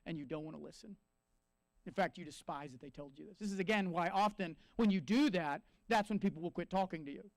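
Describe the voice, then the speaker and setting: A pastor delivers his sermon with a strikingly high voice. He preaches in an animated way, slipping into quoted voices to drive points home. The sound is dry and close. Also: a little fast, vocal fry, no room sound. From United States.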